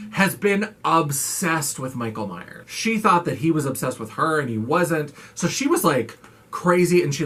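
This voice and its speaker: A man recapping a horror movie in a casual, animated way, swearing freely and acting out lines from the film. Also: on the high side.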